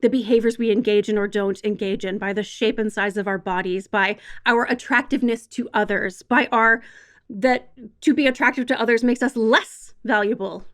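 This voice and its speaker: A woman sex educator talking frankly and wryly as a podcast guest, emphatic and conversational. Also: a little high.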